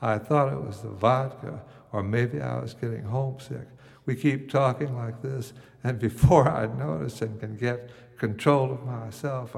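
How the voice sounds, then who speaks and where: A man's voice: mid-range voice, vocal fry, a little mellow, big-room sound. An older man from the United States telling a wry, musing first-person story.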